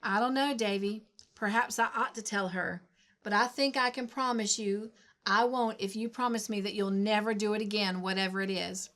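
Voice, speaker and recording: An earnest young schoolteacher, kindly but firm, speaking with sincere warmth, as a woman reads her in a storybook. Her voice sits a little above the reader's usual pitch. She sounds plain and gentle, with a steady edge when she needs to be firm. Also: moderate pace, close to an everyday voice. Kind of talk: storybook reading.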